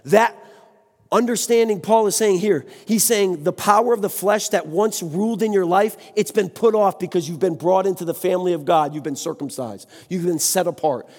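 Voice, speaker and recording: A man's voice: sits high, moderate pace, darkish tone. A man preaching a sermon with passion, exclaiming and speaking to the congregation. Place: church sanctuary. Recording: long hall reverb.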